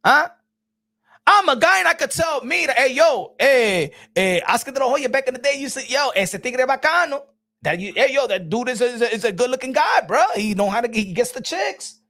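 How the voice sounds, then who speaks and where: A man giving casual livestream commentary, animated and rambling, with frequent restarts, laughs and bursts of shouting. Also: extremely high pitch, fairly quick. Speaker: boxing commentary streamer.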